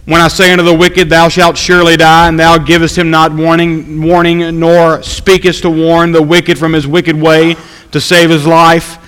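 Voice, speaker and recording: A man preaching an evening sermon, reading scripture aloud and slowly repeating his key points for emphasis. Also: a little high, flat delivery, a bit bright, clear, resonant tone, big-room sound, low-quality recording.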